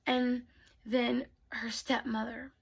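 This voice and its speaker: Woman, bedtime storyteller, soft, often whispering, husky, gravelly. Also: on the high side, level tone, slow.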